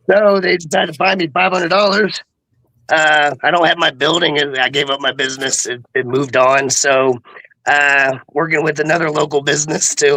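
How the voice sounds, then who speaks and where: A man, a wrestling promoter, chatting casually in a halting way with lots of pauses and fillers. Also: medium pitch, bright, forceful tone, no room sound, low-quality recording. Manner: halting, many uhs. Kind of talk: casual chat.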